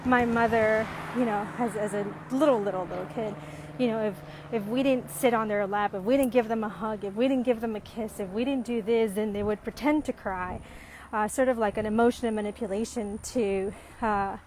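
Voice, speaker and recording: A woman with a fairly high voice speaks casually to camera about parenting. She rambles, trailing off into ums and restarting her sentences, but stays earnest and gets more emphatic as she goes. A faint hum of noise sits under her voice. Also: steady tone, a little fast, a little mellow. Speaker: parent vlogger. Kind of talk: casual reflective monologue to camera.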